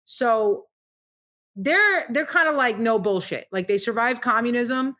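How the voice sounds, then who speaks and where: A woman from Montenegro talks in a casual podcast chat, emphatic and earnest as she tells stories. Her voice sits high and sounds bright and clear. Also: animated, unhurried. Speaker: guest comedian.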